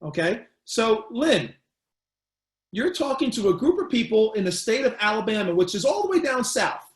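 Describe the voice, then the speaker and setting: A man's voice: high-pitched, sing-song. Emphatic male speaking coach, echoey room. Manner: measured, emphatic, addresses listener directly. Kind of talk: webinar lecture. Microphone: webinar mic.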